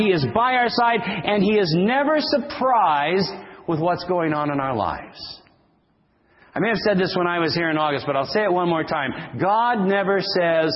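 A man preaching a sermon as pastor, moving between loud, rising calls and quiet, slow passages. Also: in a large hall, lo-fi sound. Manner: dynamic preacher, swings from booming to hushed.

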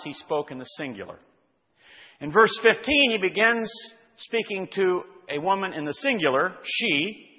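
A male pastor teaching an expository sermon, reading scripture aloud and explaining its words with deliberate care. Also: high-pitched. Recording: dull lo-fi sound with long hall reverb.

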